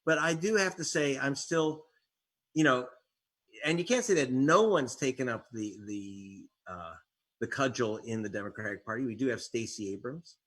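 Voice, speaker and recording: A man's voice: medium pitch, animated, moderate pace, a bit bright. A man, an investigative reporter and author, being interviewed as a guest, talking in a wry storytelling way with sarcastic jabs. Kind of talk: interview conversation.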